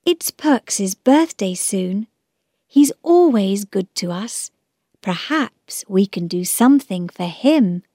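A woman's voice: mid-range voice, animated, slow, dark tone, dry recording, clean studio sound. A woman voicing a sensible, caring older girl in a storybook, earnest and reasoning. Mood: thoughtful.

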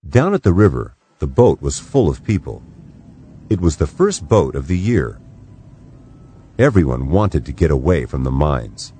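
A man narrating an audiobook in a slow, expressive storytelling manner. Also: extremely low pitch, slightly rough.

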